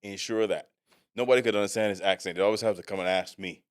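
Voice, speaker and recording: A man in his forties hosting a podcast, telling stories in an animated, profane way. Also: on the low side, fast. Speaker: podcast host. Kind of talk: casual podcast chat.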